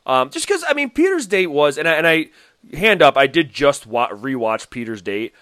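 Guy host rambling away, smooth clean voice, dead dry room. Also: a little high, big pitch swings, normal speed, fairly bright tone, no echo. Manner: chatty, rambling, laughs often, restarts a lot. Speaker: podcast host. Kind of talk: casual chat recapping a reality dating show.

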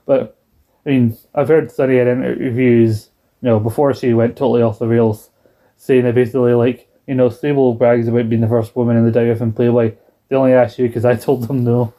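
A man's voice: mid-range voice, flat delivery, brisk, mellow. A British man co-hosting a podcast in casual chat, rambling and acting out quoted lines in a raised put-on voice. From Britain. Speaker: podcast co-host.

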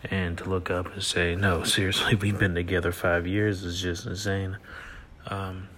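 Sleepy low-voiced man rambling on his podcast. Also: level tone, normal speed, fairly bright tone, a little hiss or hum. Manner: rambling, laid-back, laughs often, trails off with fillers. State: sleepy, yawning. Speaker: podcast host. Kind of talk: casual solo podcast monologue. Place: at home at night.

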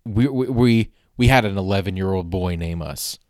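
A man's voice: deep voice, normal speed, a little mellow, dry recording, clean studio sound. A man hosting a solo podcast, talking casually in a rambling, wry, self-deprecating way, with frequent restarts and casual swearing. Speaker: podcast host.

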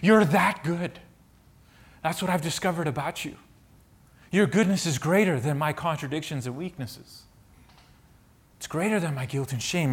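A man preaching a sermon, reading scripture aloud and moving between hushed reflection and fervent emphasis. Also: fairly high pitch, normal speed, pauses often. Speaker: pastor.

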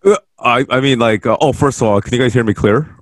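A man's voice: mid-range voice, a little fast, dry recording. A man hosting a casual chat, talking in hesitant, stumbling restarts.

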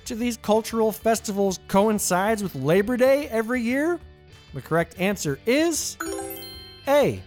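A man's voice: high voice, animated, measured pace, a little mellow, soft background music. A man hosting a trivia podcast, reading answer choices and adding playful jokey asides. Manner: playful, jokey asides, reads options twice. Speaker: trivia host.

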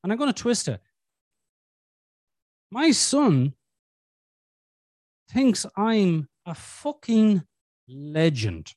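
A man's voice: high voice, very animated, drawn-out words, long pauses, darkish tone, no echo, studio quality. A man, telling stories about his kids in casual podcast chat, swearing freely and acting out quoted voices. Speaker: podcast guest, father. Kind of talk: casual conversational storytelling.

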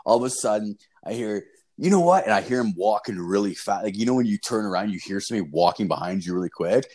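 A man's voice: fairly low pitch, fast, a little mellow. A man in his twenties from Canada, casually telling a profane story on a podcast with lots of filler words. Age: 20s.

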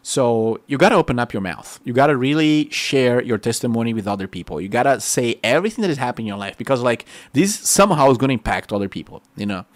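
Excitable Brazilian-accented man preaching. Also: mid-range voice, fast talker, few pauses, no echo. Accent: Brazilian Portuguese. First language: Portuguese. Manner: excitable, animated storytelling with quoted dialogue. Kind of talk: testimony sermon.

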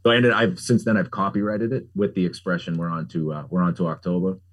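A man's voice: sits low, steady tone, fast. A middle-aged man, a pumpkin carver, chatting casually as an interview guest, rambling with lots of fillers and jokes. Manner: rambling, frequent "like" fillers, jokey.

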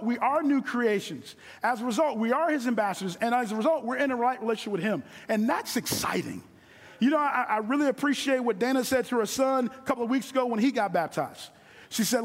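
Man, very high voice, middle-aged preacher, earnest, repeats himself for emphasis, long hall reverb. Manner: earnest, repeats phrases for emphasis, slows down on key lines. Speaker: guest preacher. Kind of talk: sermon.

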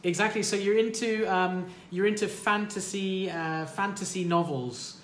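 A man's voice: high voice, moderate pace, fairly bright tone. A man hosting a livestream, chatting casually with callers in a friendly way, with lots of fillers and restarts. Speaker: livestream host and English teacher. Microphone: livestream mic. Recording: roomy livestream audio with faint noise.

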